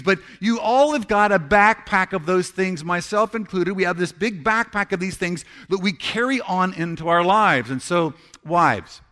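A man's voice: high-pitched, bright, forceful tone. A man preaching a sermon as pastor, conversational and earnest, acting out heartfelt prayers.

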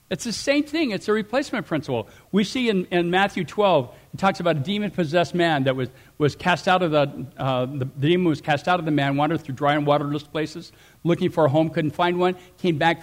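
A middle-aged man preaching a sermon, animated, swinging between loud emphatic rises and quiet asides. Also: on the high side. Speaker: pastor.

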